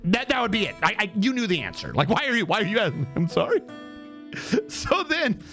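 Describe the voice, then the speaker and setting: High, lively man laughing through a story. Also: fairly quick, soft background music. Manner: animated, laughs often, jumps up high in pitch. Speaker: streamer. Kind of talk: casual storytelling on a live stream.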